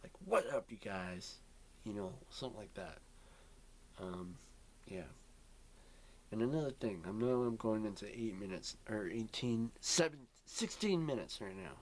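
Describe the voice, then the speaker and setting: A man's voice: lowish voice, lively intonation, normal speed, darkish tone, a little hiss or hum. Rambling young man in a bedroom vlog. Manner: rambling, drifting, many ums and yawns. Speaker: vlogger. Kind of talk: rambling casual vlog chat. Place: bedroom at home.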